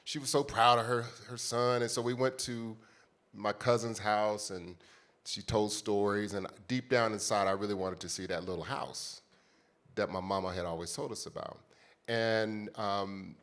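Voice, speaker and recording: A man's voice: on the low side, steady tone, normal speed, fairly bright tone. A man in his fifties from the United States, telling a heartfelt personal story as a conference panelist and speaking directly to the audience.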